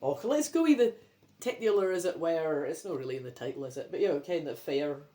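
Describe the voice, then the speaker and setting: Scottish woman, casual read-aloud, chatty, sweary asides, animated pitch. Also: brisk. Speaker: reader of a children's adventure book.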